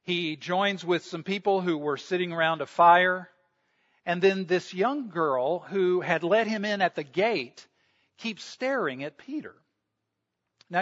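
High-voiced male pastor, storytelling sermon. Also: a bit bright, lo-fi sound. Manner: storytelling, acts out quoted voices.

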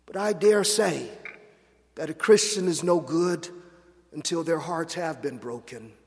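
A man's voice: on the high side, a little slow, vocal fry. A man preaching a sermon with rising passion, restarting and repeating phrases as he builds toward emotional peaks. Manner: impassioned, builds to near-shouting peaks. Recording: long hall reverb.

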